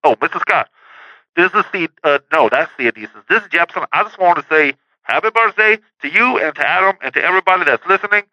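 A man putting on a pompous old-fashioned gentleman for a birthday voicemail, heard over a phone line. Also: on the high side, expressive, fast, no room sound. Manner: theatrical, plays two characters. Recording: tinny dry phone voicemail.

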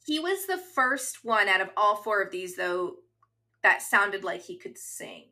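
Bright, chatty woman in her thirties. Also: medium pitch, sing-song, unhurried. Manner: earnest and chatty, reads episode summaries aloud. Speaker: podcast co-host. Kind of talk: casual chat.

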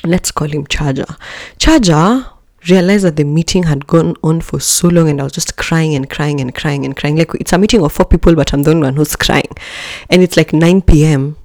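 Animated young woman telling a story. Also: low-pitched, moderate pace, no room sound, studio quality. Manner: animated and dramatic, slipping into Swahili slang. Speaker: podcast host. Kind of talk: casual storytelling.

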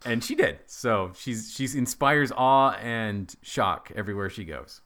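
A man's voice: mid-range voice, a little slow. A man and father on a casual comedy podcast, telling family stories with dry jokes. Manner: animated storytelling, dry jokes.

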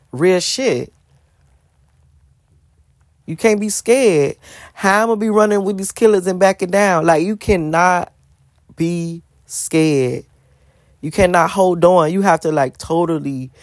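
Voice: mid-range voice, dry recording, clean studio sound. An adult vlogger with school-age kids, talking bluntly and profanely in a casual storytelling monologue, repeating words for emphasis.

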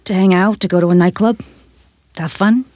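An actress reading a woman witness's court testimony in a reenactment, recalling events in an earnest, halting way. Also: mid-range voice, fairly even intonation, darkish tone, dry recording, clean studio sound, close to an everyday voice.

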